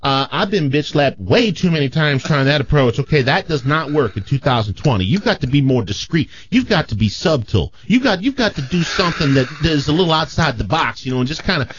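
A man's voice: fairly high pitch, lively intonation, brisk, hardly any pauses, slightly rough, muffled recording, pitched above the performer's own voice. A man voicing a sassy gay male nurse with a put-on Southern drawl in a raised, lilting voice. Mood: sassy advising.

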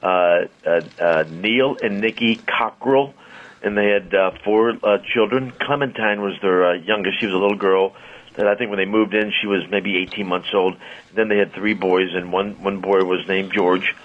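A man's voice: low-pitched, steady tone, normal speed, lo-fi sound. A man co-hosting a radio show, telling a teasing anecdote in casual banter. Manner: storytelling, teasing, chuckling. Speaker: radio co-host.

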